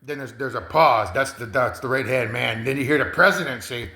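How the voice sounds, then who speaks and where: A man's voice: mid-range voice, a little fast, bright, forceful tone. A man talking in a rambling monologue, hesitant, with many fillers, repeats and chuckles. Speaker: commentator. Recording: roomy echo.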